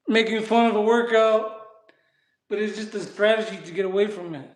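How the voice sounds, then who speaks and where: A man chatting casually in street slang while he works out on a live stream and answers his chat. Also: sits high. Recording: echoey room.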